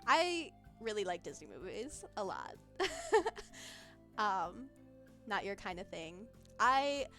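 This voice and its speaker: A woman's voice: mid-range voice, a bit bright. A woman streaming as a vtuber, chatting casually, giggling often and losing her train of thought as she reacts to chat. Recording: faint background music.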